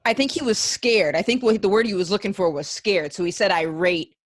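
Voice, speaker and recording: A woman's voice: medium pitch, brisk, no room sound. A woman hosting a podcast interview, chatting casually and supportively with her guest. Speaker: podcast host.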